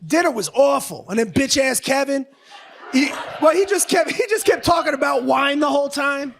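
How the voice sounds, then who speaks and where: A middle-aged man performs stand-up on a club stage. His voice sits unusually high, and he rants loudly and profanely, often breaking into shouts. The recording carries plenty of noise. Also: lively intonation, normal speed, creaky. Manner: loud, profane, ranting with frequent shouting. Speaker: stand-up comedian. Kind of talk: stand-up comedy set. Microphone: handheld stage mic. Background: audience laughter.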